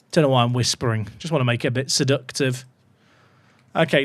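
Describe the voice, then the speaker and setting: A man's voice: medium pitch, expressive, quick pace, fairly bright tone, dry recording. A man casually commentating on his football management game, chatty and full of joking asides to his viewers. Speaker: gaming YouTuber.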